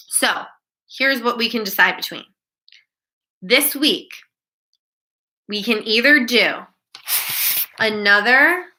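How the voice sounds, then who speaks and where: A woman's voice: fairly high pitch, bright, forceful tone, low-quality recording. A woman teacher hosting a live online class Q&A, talking directly to her students by name.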